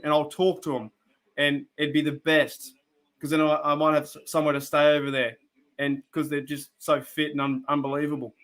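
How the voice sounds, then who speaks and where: A man's voice: a little high, little pitch movement, normal speed, a bit bright. Rambling Australian guy on a live stream. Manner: rambling, chatty, many restarts and fillers. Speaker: live stream host reacting to football. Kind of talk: casual live stream chat.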